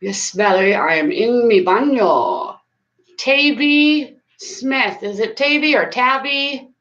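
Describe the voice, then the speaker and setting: A woman's voice: mid-range voice, very animated, measured pace, a bit bright, echoey room. A woman in her thirties chats casually and earnestly to her live-stream viewers, leaning on fillers like "um" and "you know." She is recording in her bathroom, so her voice bounces around the small room, and the sound is a little dull. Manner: chatty, earnest, with frequent fillers. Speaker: YouTuber doing a live stream.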